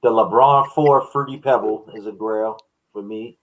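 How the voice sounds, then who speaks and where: A man's voice: on the low side, a little slow, a little hiss or hum, low-quality recording. Laid-back man hosting a chat. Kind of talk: casual panel chat.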